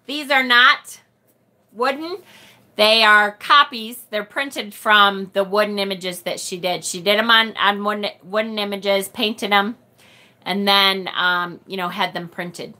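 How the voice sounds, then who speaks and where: A middle-aged woman with a Rochester, New York accent, hosting a casual tarot livestream and reading viewer comments aloud, chatty and quick to laugh. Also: mid-range voice, fairly even intonation, sharp tone. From United States. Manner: chatty and bubbly, laughs often, trails off and restarts.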